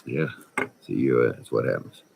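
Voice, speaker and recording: A man's voice: very deep voice, normal speed, gravelly, darkish tone, a little hiss or hum. A middle-aged man with a West Texas drawl, telling folksy, slangy stories from his oil field days in a casual vlog. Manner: folksy, slangy, laughs between remarks. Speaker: vlogger, former oil field worker. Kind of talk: casual storytelling.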